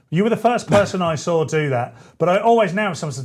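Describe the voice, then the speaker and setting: Man, radio host, casual chat, rambling, self-correcting, fairly high voice. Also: animated, racing, hardly any pauses. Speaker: radio talk show host.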